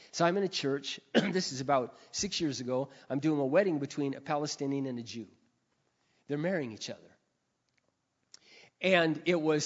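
A man preaching a sermon, telling stories with big swings between quiet and shouted passages. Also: on the high side. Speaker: pastor. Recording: dull sound with long hall reverb.

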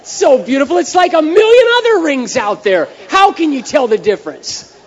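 A man mimicking a group of excited young women gushing over an engagement ring. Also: extremely high pitch, normal speed, lo-fi sound, a little hiss or hum, pitched above the performer's own voice. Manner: squealing, breathless gushing.

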